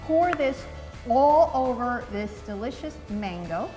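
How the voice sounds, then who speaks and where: A woman's voice: on the high side, animated, slow pace, dark tone, in a large hall, soft background music. Upbeat woman chatting through a recipe. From New Jersey. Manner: chatty and upbeat, laughs easily. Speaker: cooking vlog co-host. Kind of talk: casual cooking chat.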